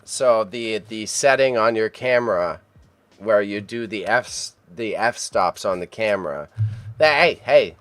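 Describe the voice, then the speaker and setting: A man with a fairly low voice chats casually on a live stream as he edits photos. He is chatty and self-mocking, and he mutters to himself while he works. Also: a little slow, a bit bright, dry recording.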